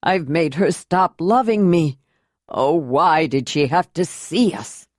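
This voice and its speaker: A woman's voice: sits low, takes it slowly, a little mellow, no echo, clean studio sound. A woman reading the lines of a panicky, remorseful man who pleads in anguish. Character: Jondalar, grown man, remorseful, panicky lover. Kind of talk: audiobook character reading.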